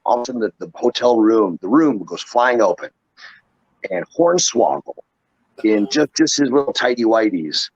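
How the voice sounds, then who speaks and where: A man's voice: on the low side, no room sound. Profane storytelling man, dull dry audio. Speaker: guest, pro wrestler. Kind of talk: casual storytelling interview.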